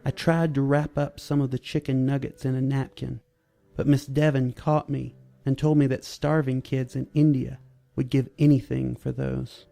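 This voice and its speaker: A man narrating a story in a measured, steady reading voice, with soft music behind. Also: medium pitch, gravelly.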